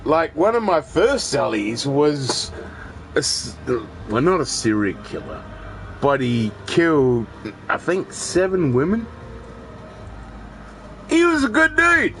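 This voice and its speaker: A man's voice: medium pitch, big pitch swings, takes it slowly, slight background noise, rough recording. A man, chatting casually and rambling while he plays a video game, swearing freely and often restarting his sentences. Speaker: gaming streamer. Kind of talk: casual chat while gaming.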